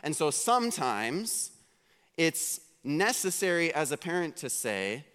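A man's voice: mid-range voice, animated, moderate pace, a bit bright, clear, resonant tone. A man preaching a sermon in a conversational, questioning way, stressing key words. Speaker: pastor. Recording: long reverb of a hall.

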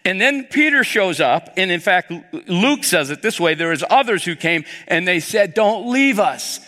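A male pastor preaching a sermon, telling the story with animated, acted-out dialogue. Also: high-pitched, moderate pace. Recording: long hall reverb.

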